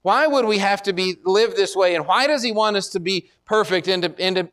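A man preaching a sermon in an earnest way, often repeating words as he builds to a point. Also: fairly bright tone. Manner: earnest, repeats words, rises in pitch and force when exhorting.

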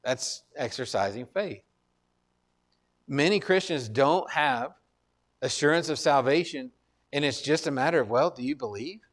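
A man pastor preaching a sermon in an earnest, conversational way, repeating key phrases and restarting his sentences. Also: on the high side. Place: church.

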